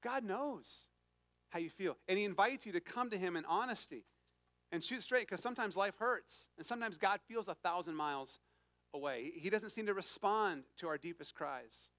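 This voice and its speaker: Man, pastor, earnest sermon, fairly high voice, dry close sound. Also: expressive, moderate pace, fairly bright tone, no room sound. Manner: earnest, conversational preaching with emphatic scripture reading.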